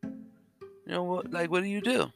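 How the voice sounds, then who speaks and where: A man hosting a self-help podcast, talking slowly and repeating questions to the listener. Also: sits high, creaky, faint music behind. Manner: slow, repetitive, asks the listener questions. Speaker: podcast host. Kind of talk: reflective self-help talk.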